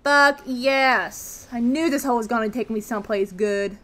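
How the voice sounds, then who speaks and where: A woman giving let's play commentary on a game she is playing, excitable, with loud exclamations, gasps and casual swearing. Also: a little high, moderate pace, a little hiss or hum. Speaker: gaming video creator. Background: faint game music.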